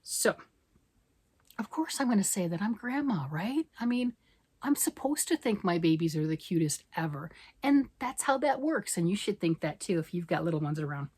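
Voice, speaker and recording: A woman's voice: lowish voice, very animated, normal speed, a little mellow, breathy edge. An older woman, a grandmother, chatting casually and rambling a bit as she shows her knitting project. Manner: chatty, rambling, self-deprecating. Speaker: knitting vlogger.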